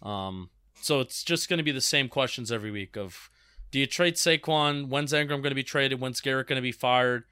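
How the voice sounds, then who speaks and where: A man's voice: mid-range voice, a little fast, sharp tone, clean tone, no echo. A man in his twenties co-hosting a football fan show, chatting casually with many restarts as he reads out listener questions. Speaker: sports podcast co-host. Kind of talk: casual chat.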